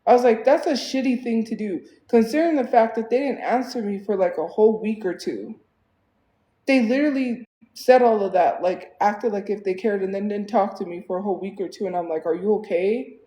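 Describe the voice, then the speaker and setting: A woman's voice: medium pitch, fairly quick, warm tone, echoey room, low-quality recording. A woman livestreaming, venting in a casual, exasperated way with lots of fillers.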